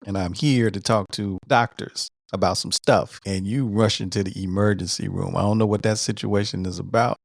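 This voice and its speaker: A man in his fifties, a veteran, casually retelling a doctor's visit in an animated way, repeating words and quoting what was said. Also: fairly low pitch, normal speed, creaky, hardly any pauses, no room sound, studio quality. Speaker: veteran sharing his cancer treatment story. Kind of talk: casual storytelling.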